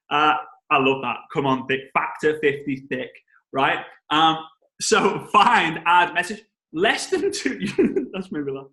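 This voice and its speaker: A British man leads a lively marketing training over a video call, joking as he goes. His voice sits a little high. The room around him rings with echo. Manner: playful, jokey, breaks into song. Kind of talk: energetic training talk on a call.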